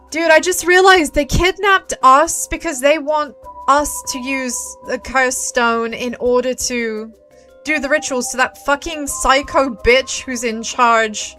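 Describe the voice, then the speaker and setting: A woman streaming a video game, giving loud, excitable commentary with swearing. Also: a little high. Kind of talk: let's play commentary.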